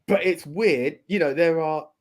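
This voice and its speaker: A man's voice: on the high side, measured pace. A man co-hosting a podcast, talking earnestly and at length, often repeating and restarting his phrases. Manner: earnest, rambling, repeats himself. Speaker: podcast co-host. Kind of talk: casual podcast chat.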